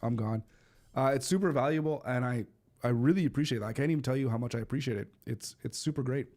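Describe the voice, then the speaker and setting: A man hosting a casual live stream and chatting with viewers, hoarse and coughing as his voice gives out, rambling with restarts and fillers. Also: mid-range voice, quick pace, a little mellow. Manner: addresses viewers directly.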